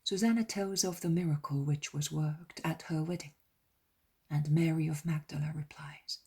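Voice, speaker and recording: Narrator: woman, whispered reading, very husky, low-pitched, reverent. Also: fairly even intonation, moderate pace, mellow. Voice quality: breathy, near-whispered delivery. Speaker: audiobook narrator.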